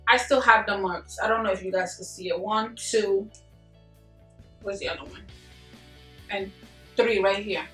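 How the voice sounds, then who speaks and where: A woman's voice: medium pitch, unhurried, pauses often. Young woman telling a story in a roomy echo. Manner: animated, slangy, laughing, acts out quotes. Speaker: vlogger. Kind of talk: casual storytelling to camera. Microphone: camera mic from a distance. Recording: echoey room, distant mic, faint music.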